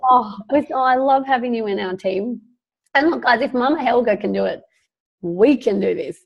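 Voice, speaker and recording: A woman leading a video call, chatty and gushing with excitement. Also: fairly high pitch, normal speed, gravelly, dull audio. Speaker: team leader hosting a video call. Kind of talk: casual video call chat.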